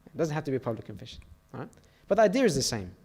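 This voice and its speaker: A man's voice: mid-range voice, big pitch swings, rapid-fire, a little mellow, slightly rough. A man giving a sermon to a youth meeting in a church, telling stories and often checking in with "okay?" and "all right?".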